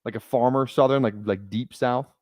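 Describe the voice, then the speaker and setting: A man's voice: mid-range voice, steady tone, moderate pace, a little mellow, no room sound, clean studio sound. A young man from Minnesota chatting casually on a live stream, rambling and joking with many restarts. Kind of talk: casual live-stream chat while drafting.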